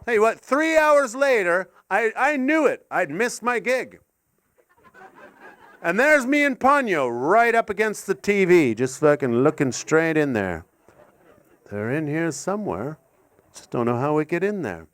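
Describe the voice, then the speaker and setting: A man from Canada performing stand-up, wandering through absurd stories and poking fun at himself. His voice sits high and leaps around expressively. It is picked up on a handheld stage mic that sounds close and dry. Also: big pitch swings, a little slow, a bit bright, no room sound. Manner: rambling, absurd, self-mocking. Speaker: stand-up comedian. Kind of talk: stand-up set. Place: live comedy venue.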